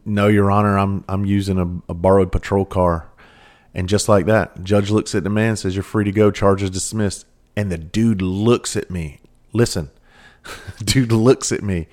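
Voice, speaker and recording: Casting: man in his thirties, deep voice, ex-cop storyteller, profane and laid-back. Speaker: former police officer and firefighter. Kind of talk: casual storytelling.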